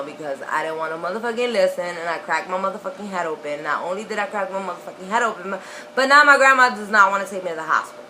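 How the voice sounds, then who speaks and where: Bright-voiced young woman telling a story. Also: medium pitch, a little hiss or hum, low-quality recording. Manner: profane, animated storytelling with laughs. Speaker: vlogger. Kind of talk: casual storytime.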